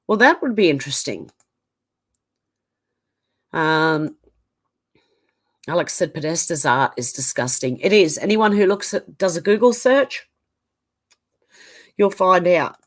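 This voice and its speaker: A woman's voice: fairly low pitch, lively intonation, measured pace, pauses often. A woman with an Australian accent hosting a casual livestream, reading viewer comments aloud and reacting to them. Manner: reads out chat comments and reacts conversationally.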